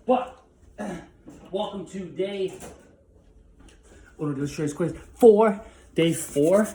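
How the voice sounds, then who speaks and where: Fast-talking energetic male PE teacher. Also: mid-range voice, a little hiss or hum. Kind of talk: online workout class.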